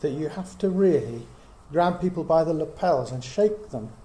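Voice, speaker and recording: In a warm, slightly high voice at a normal speed, this middle-aged man teaches the Bible with animated earnestness to a small gathering. He reasons aloud and leans on rhetorical questions, while the room echoes and a faint hiss lingers.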